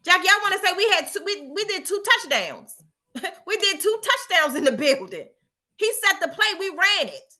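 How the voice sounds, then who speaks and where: A woman's voice: extremely high pitch, big pitch swings, normal speed, bright, forceful tone. A middle-aged woman telling a story and giving a motivational talk, with emphatic repetition and a preachy tone. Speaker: motivational speaker.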